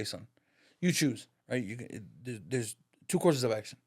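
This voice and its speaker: A man's voice: mid-range voice, moderate pace. A man as a podcast guest, telling a story in casual, profane, slangy talk and acting out the voices in it. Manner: lively, acts out the voices in his stories.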